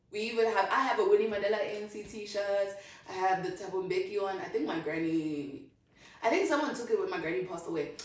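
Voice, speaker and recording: A woman's voice: on the low side, far from the mic. South African woman venting in an echoey room. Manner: rambling, switches between languages mid-sentence. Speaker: vlogger. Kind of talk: casual vent to camera.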